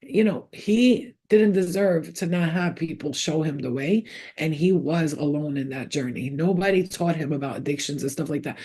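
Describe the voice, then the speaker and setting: Woman medium, mellow tone, rambling and emotional on-camera reading. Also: deep voice, moderate pace, slightly rough. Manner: rambling, emotional, repeats names as they come through. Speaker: psychic medium. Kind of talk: channeled spirit reading to camera.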